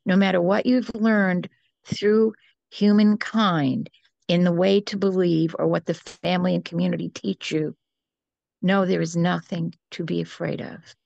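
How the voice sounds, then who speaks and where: An older woman telling a personal story as an interview guest, earnest and unhurried, with small restarts. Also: on the low side, steady tone, gravelly, darkish tone, no room sound, highs cut off.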